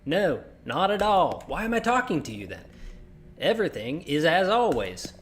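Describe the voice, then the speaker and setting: A man's voice: a little high, very animated, moderate pace, pitched above the performer's own voice. A man voicing a surly rural man who is hostile to police, using a put-on country accent and a curt, drawling manner. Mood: dismissive.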